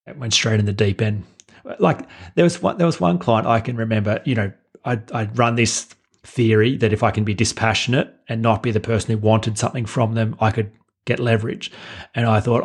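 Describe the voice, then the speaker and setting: This is a man speaking as a guest in an interview, with a fairly low, husky voice. He tells stories with energy and slips into the voices of the people he describes, and he often restarts his sentences. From Australia. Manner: animated storyteller acting out dialogue, frequent restarts. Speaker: life coach guest. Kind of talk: conversational interview storytelling.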